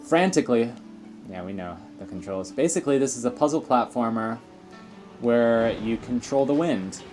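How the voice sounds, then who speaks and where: Brief: man, mid-pitch, casual rambling gameplay commentary, faint game music underneath. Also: moderate pace, darkish tone. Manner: rambling, chatty, frequent fillers. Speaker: let's play commentator.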